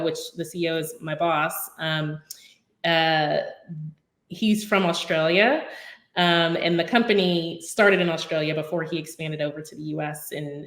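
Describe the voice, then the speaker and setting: Chatty woman, roomy echo. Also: fairly low pitch. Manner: chatty, many ums, storytelling. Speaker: guest basketball commentator. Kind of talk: casual podcast conversation.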